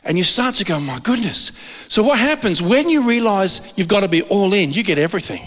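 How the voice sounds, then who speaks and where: A man preaching a sermon, telling a story with lots of laughter and excitement. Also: high voice, fast, big-room sound.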